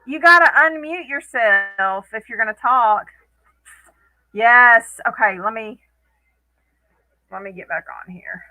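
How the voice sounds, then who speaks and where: A woman's voice: fairly high pitch, slow pace, long pauses, bright, forceful tone, rough recording. A woman hosting a casual live stream from home, chatting with viewers by name and laughing often.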